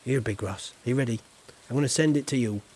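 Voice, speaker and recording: Quick-paced and a little mellow, this medium-pitched man from Yorkshire, England, has a southern English accent. He chats playfully and directly to his viewers while casually live-streaming a farming game.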